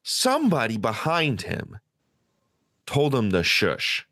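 Male podcast co-host, high-ish, bright, lively storyteller; dry close sound. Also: slow pace, no echo. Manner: animated, profane, acts out quotes in a high loud voice. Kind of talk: casual storytelling chat.

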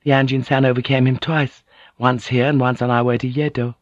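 A man's voice: mid-range voice, little pitch movement, a little fast, no room sound, pitched above the performer's own voice, lightly acted. Man putting on a proud noblewoman, polite but unbending, raised voice, dry slightly dull audiobook. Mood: resolute. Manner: formal, polite, firm. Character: proud, devout noblewoman, calm and resolute.

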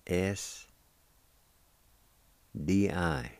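A man hosting a radio language lesson, slowly spelling and repeating words syllable by syllable. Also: deep voice, lively intonation, vocal fry, no echo. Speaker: radio host teaching language. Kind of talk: slow spelled-out word lesson.

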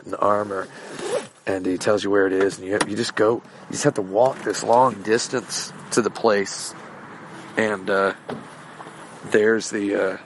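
A man's voice: fairly low pitch, a little hiss or hum. A man hosting a podcast, telling a rambling casual anecdote in a meandering way, full of fillers and restarts. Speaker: podcast host. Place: outdoors, walking around shops.

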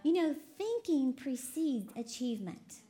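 A woman from Texas preaching a lively sermon, laughing often and quoting voices as she talks. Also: high voice, a little slow. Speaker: preacher co-hosting a broadcast. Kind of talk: sermon to a women's audience.

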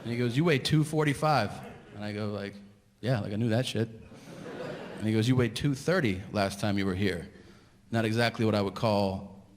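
A man's voice: on the low side, normal speed, long pauses, background noise. A middle-aged man telling a stand-up comedy story, ranting and acting out both sides of the dialogue. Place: large theater stage. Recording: live venue reverb with crowd. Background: audience laughter.

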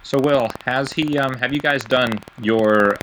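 A man hosting a casual podcast chat over an online call, teasing his co-hosts with quick questions. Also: medium pitch, fairly bright tone, a little hiss or hum, low-quality recording. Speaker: podcast host.

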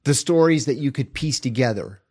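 A man's voice: medium pitch, lively intonation, dark tone, husky. A man co-hosting a casual podcast, agreeing often and adding short remarks. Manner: agreeable, quick affirmations. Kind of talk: casual chat.

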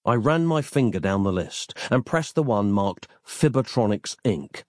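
A man reads a comic story aloud in a wry, deadpan way, letting his pitch rise and fall in lively swoops. The recording is close and dry, with no room sound. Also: a little slow, no echo. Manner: wry, deadpan, elaborate phrasing. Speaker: narrator. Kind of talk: scripted comic story narration.

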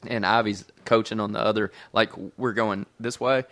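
A man's voice: fairly low pitch, steady tone, normal speed, a bit bright, no room sound. A man in casual chat, laughing often and chiming in on his friend's story.

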